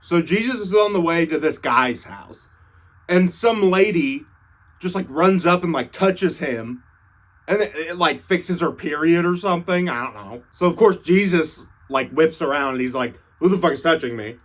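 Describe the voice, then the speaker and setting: A man's voice: a little high, animated, normal speed, fairly bright tone. A young man irreverently retelling scripture as comedy, slangy and swearing casually. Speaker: comedic storyteller.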